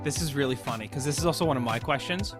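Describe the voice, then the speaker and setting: A man's voice: mid-range voice, quick pace, music in the background. A man co-hosting a podcast, trading crude jokes in casual banter. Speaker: podcast co-host. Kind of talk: casual chat.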